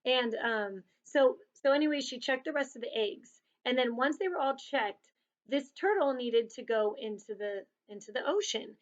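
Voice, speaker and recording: Woman, storyteller for kids, chatty and animated, slightly high voice, dull lo-fi recording. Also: normal speed. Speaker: storyteller reading to children. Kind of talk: casual storytelling to children. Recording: dull lo-fi sound.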